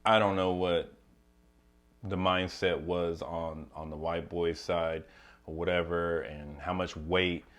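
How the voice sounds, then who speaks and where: Man, very low voice, casual storytelling, profane, filler-heavy, straight-talking. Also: steady tone, takes it slowly. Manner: loose and profane, lots of fillers and asides. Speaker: vlogger telling a prison story.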